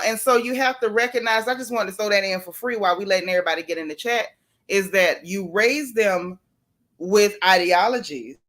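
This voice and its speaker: A woman's voice: mid-range voice, fairly bright tone. A woman hosting a casual livestream, chatting and greeting viewers by name with folksy asides. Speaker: YouTube livestream host.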